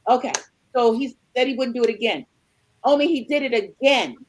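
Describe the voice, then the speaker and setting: A middle-aged woman co-hosting a podcast, telling a story with lively acted-out dialogue. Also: a little high, a little fast, a little hiss or hum, low-quality recording. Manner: animated storyteller, acts out dialogue. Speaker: podcast co-host. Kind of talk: storytelling chat.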